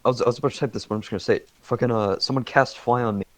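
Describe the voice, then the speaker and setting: A man playing in a tabletop game, chatting casually and swearing excitedly. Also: mid-range voice, racing. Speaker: player. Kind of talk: casual role-play chat.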